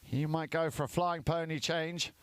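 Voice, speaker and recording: A man giving chatty live commentary on a polo match, lifting in excitement at goals. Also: on the high side, moderate pace, clean tone.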